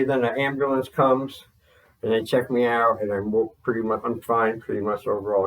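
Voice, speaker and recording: A man's voice: on the low side, distant mic, poor audio. A man from New Jersey telling a story in loose, rambling talk full of fillers and swearing. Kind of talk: casual spoken account.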